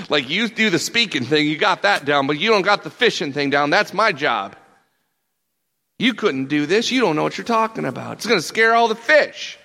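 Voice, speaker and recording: A man plays an excitable fisherman apostle who talks like a laid-back dude, tripping over his words in his hurry to tell the next tale. His voice is bright and forward, with a gravelly fry at the ends of phrases. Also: medium pitch. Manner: slangy, animated storyteller, stammering restarts. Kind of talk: first-person character monologue.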